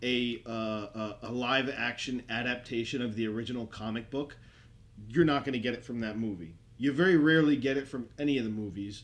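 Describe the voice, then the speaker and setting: A man from New Jersey hosting a casual podcast chat, joking and laughing often. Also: mid-range voice. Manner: joking, laughs often, puts on movie voices. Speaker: podcast host.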